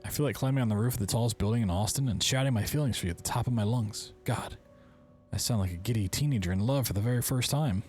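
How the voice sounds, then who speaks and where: A man's voice: on the low side, fast talker, darkish tone, soft background music. A man hosting a game playthrough, reading in-game letters aloud and breaking off with wry, joking asides. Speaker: gaming video host.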